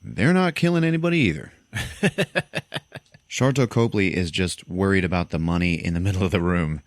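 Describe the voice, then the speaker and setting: Podcast guy with a deep voice, swears a lot, acting out scenes from a movie, dry close sound. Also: normal speed, dry recording. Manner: animated, profane retelling, acting out lines. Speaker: podcast host. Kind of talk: casual movie recap.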